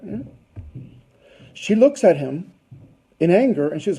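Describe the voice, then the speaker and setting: A man's voice: high voice, very animated, takes it slowly, pauses often, warm tone, breathy edge, poor audio. A man presenting to a business audience, telling a long anecdote in a loose, chatty way full of fillers and asides.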